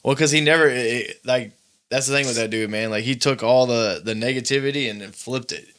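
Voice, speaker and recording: A podcast host with a mid-pitched, bright voice. He tells stories animatedly and jumps into impressions of the people he quotes. His speech is loose and conversational. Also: brisk. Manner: animated storyteller with lively impressions. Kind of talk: casual podcast chat.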